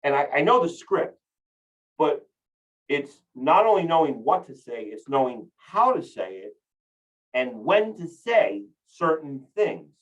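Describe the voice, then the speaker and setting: A man coaching real estate agents in a casual, energetic training talk, rambling with many restarts while standing up. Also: on the high side, measured pace, distant mic, muffled recording.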